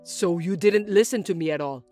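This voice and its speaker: A patient grown son, voiced by a woman, explains things in a lowered, even tone. Faint music sits underneath the story narration. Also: moderate pace, close to an everyday voice. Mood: explaining. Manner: low, patient and reasoning. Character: calm grown son and husband, young man. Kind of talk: scripted story voice-acting.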